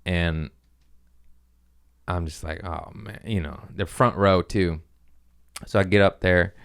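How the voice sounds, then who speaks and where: Deep-voiced man telling a profane story. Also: slow, smooth. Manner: profane, rambling, animated storytelling. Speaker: podcast host, comedian. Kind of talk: casual storytelling.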